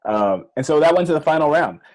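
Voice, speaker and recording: A man co-hosting a casual podcast, explaining in a measured way and often trailing off lower. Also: lively intonation, darkish tone, low-quality recording. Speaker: podcast co-host. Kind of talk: casual recap chat.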